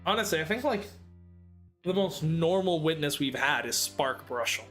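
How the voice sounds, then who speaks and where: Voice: medium pitch, expressive, normal speed, fairly bright tone, soft background music. A let's-play commentator rambling through joking asides about a courtroom game. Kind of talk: casual gameplay commentary.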